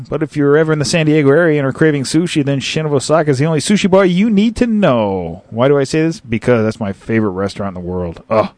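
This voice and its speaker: A man's voice: medium pitch, a little mellow, dry recording. Joking man hosting a gaming radio show. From Southern California. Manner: joking, rambling with many fillers. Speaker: internet radio host. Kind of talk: casual live commentary while playing. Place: his apartment.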